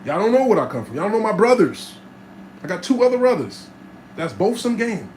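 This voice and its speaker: A man telling stories from his life in a casual monologue, streetwise and animated, swearing freely and acting out the voices of people in his stories. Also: high-pitched, a little fast, a little hiss or hum, rough recording. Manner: streetwise, animated storyteller who acts out voices and cusses freely.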